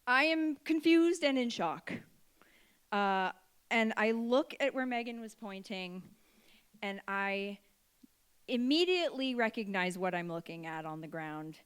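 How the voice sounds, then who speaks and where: Woman stand-up in her thirties, self-deprecating storyteller, smooth clear voice. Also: mid-range voice, expressive, unhurried. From Vermont. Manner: chatty, self-deprecating, many fillers and laughs. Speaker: stand-up comedian. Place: comedy stage before a live audience.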